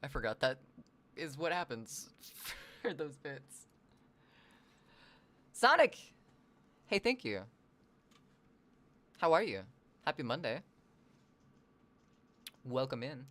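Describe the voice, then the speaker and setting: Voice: medium pitch, expressive, takes it slowly, pauses often, fairly bright tone. A livestreamer from the US Northwest who chats casually with viewers, reads chat messages aloud, rambles and swears now and then.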